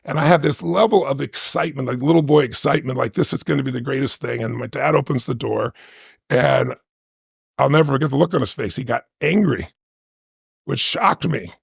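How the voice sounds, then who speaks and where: A man's voice: medium pitch, brisk, gravelly, breathy edge, dry recording, clean studio sound. A man being interviewed, telling a personal story in an emphatic, conversational way with frequent asides. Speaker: interview guest.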